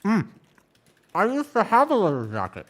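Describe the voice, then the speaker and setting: Animated man chatting on a game stream. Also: sits high, moderate pace. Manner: animated, jumpy banter with chat. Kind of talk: casual chat while gaming.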